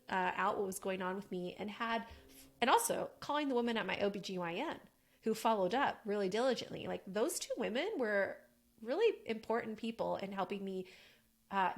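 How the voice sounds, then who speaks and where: A woman around forty telling a personal story in a casual, chatty way, full of "like" fillers. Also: mid-range voice. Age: about 40. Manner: chatty, animated, many "like" fillers. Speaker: wellness coach and podcast host.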